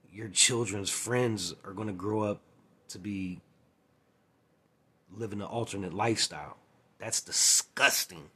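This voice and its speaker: Husky-voiced man telling a story. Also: mid-range voice, a bit bright. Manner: chatty, keeps adding "you know what I'm saying"; acts out past conversations. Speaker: former music manager. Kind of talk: casual storytelling monologue.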